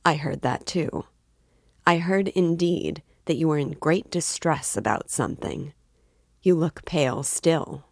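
A woman reading aloud voices a calm, coolly ironic male magistrate. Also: sits low, a little slow, creaky, no room sound, clean studio sound, heavily acted.

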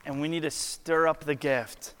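A man's voice: fairly high pitch, fairly even intonation, normal speed, fairly bright tone. A man in his twenties, a worship pastor telling a story in a casual, chatty sermon full of filler words. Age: 20s. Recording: long hall reverb.

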